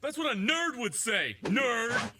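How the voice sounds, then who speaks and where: A man's voice: extremely high pitch, very animated, slow, heavily acted. A man voicing a dimwitted teenage boy bully, brash and taunting. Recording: loud noise behind.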